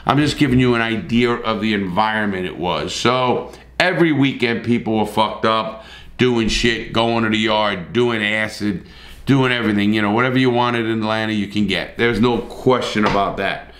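A man's voice: fairly low pitch, moderate pace, a bit bright, echoey room. A middle-aged man telling a story in a blunt, profane, casual way, with repeated starts.

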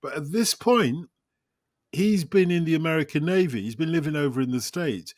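A man's voice: on the high side, normal speed, dry recording, clean studio sound. A man hosting a casual podcast chat, telling rambling anecdotes and acting out quotes. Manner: rambling anecdotal storyteller, quotes people in lively voices. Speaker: podcast host.

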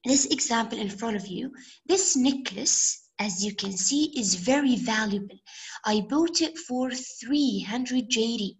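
A woman's voice: on the high side, unhurried, low-quality recording. A young woman with a Levantine Arabic accent, patiently explaining English words with examples, and giving an Arabic gloss now and then. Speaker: English teacher. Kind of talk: vocabulary lesson.

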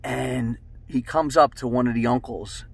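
A middle-aged man and show host telling a rambling, profane story in a casual, animated way. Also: mid-range voice, a little slow, vocal fry, breathy edge.

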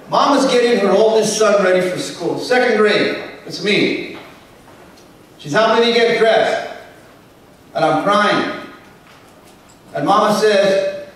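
A man from Southern California giving a motivational keynote speech, telling stories and acting out dialogue. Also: high voice. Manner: storytelling, animated, acts out dialogue with a Spanish switch. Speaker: keynote speaker. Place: large convention hall. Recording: echoey hall from far off, faint noise.

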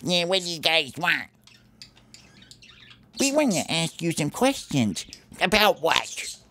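A man voicing a hungry male squirrel with quick, defensive chatter in a home-made pretend play. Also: on the high side, sing-song, pushed and bright, slight background noise, voice pushed up, exaggerated voice. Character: jumpy male squirrel, hungry, briefly grouchy.

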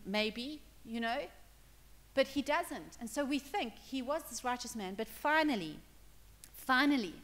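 A woman's voice: a little high, a bit bright, in a large hall. A woman preaching a sermon in church, talking conversationally and building to emphatic points. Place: church hall.

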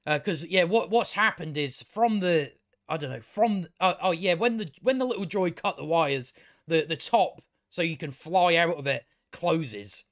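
A man's voice: fairly high pitch, normal speed, fairly bright tone, dry recording, studio quality. A man giving a casual, rambling review, exasperated and sarcastic, swearing often and restarting his sentences. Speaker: video reviewer.

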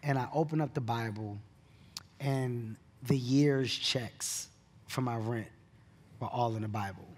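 Animated man telling stories on stage. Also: medium pitch, a little slow. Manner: animated storyteller, laughs at his own story. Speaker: keynote interview guest, comedian. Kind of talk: onstage storytelling in an interview. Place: conference stage.

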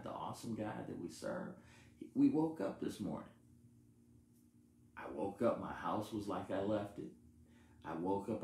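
A man preaching a conversational Bible-study sermon. He keeps checking in with "okay?" and lifts his voice to stress a point. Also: darkish tone. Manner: rises in pitch and volume for emphasis. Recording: echoey room with faint hiss.

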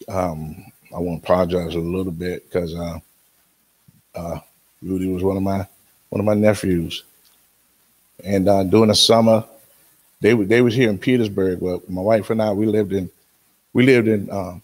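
A man speaking at a funeral service as the uncle of the deceased, giving a sermon with Bible readings in a halting way, with many restarts and sudden emphatic rises. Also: deep voice, slightly rough.

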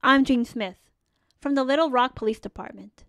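A steady police officer hurries people to safety, read by a woman narrator. The delivery is firm and measured, and the voice stays smooth, fairly high and dry. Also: no echo. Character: calm, urgent male police officer.

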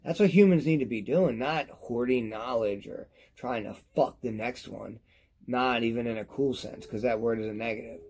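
A man reviewing products on his vlog in a rambling, profane rant to camera while he is high, repeating himself as he talks. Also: moderate pace, darkish tone, husky.

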